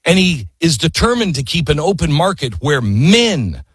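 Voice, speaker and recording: Husky, impassioned man telling history. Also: on the high side, big pitch swings, moderate pace, a bit bright, dry recording. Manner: emphatic, with rhetorical questions to the audience; earnest, urging listeners. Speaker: history speaker. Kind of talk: impassioned storytelling history talk.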